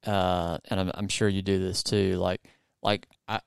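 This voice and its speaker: A man with a Southern US accent hosts a relaxed interview, talking in loose, filler-heavy sentences. His voice sits low and comes across smooth and clear. The sound is dry and close. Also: measured pace, dry recording. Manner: rambling, filler-heavy, lots of "like". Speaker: podcast host. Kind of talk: casual conversational interview.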